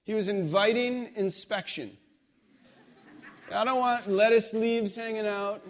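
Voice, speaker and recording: A middle-aged man delivers a sermon with a somewhat high voice. He talks in a relaxed, conversational way and acts out the dialogue in his stories. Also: measured pace. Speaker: pastor.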